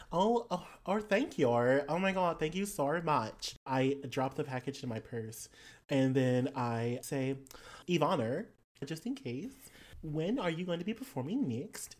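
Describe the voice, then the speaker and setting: An animated tabletop player takes charge of the scene and slips in and out of character. The voice sits at a middling pitch and stays lively and commanding. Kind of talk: tabletop game play.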